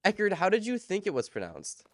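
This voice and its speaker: A man's voice: sits high, wildly swooping pitch, a little fast, a bit bright, no echo, clean studio sound. A man streaming a game live, chatting casually and rambling as he answers viewers' chat while he plays.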